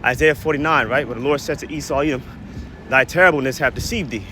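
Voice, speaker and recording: A man preaching scripture outdoors in a mid-pitched voice, short of breath and blunt. He reads a verse, then breaks it down in profane slang. Faint traffic hums behind him. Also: quick pace, sharp tone. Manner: keeps tagging lines with "man" and "right?". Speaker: religious commentator. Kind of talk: preachy street-corner scripture commentary.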